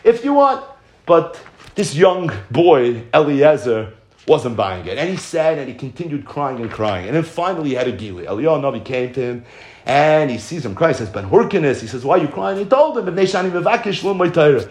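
A man teaching a Torah story as a lively storyteller who acts out the quotes. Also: mid-range voice, moderate pace. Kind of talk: storytelling lesson. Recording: echoey room.

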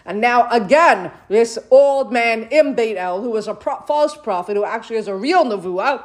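Woman teaching a scripture story, fairly high voice, lively storytelling. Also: moderate pace. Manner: lively storytelling, mixes Hebrew verses with English paraphrase. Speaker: Torah teacher. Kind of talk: retelling and explaining a scripture passage.

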